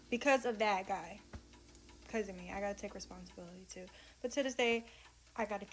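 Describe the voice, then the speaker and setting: A young woman telling a casual storytime, animated and acting out the dialogue. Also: medium pitch, a little hiss or hum.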